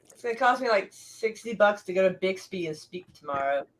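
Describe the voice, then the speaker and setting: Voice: mid-range voice, lively intonation, fairly quick, a little hiss or hum, low-quality recording. Laid-back American streamer chatting. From United States. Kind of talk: casual chat.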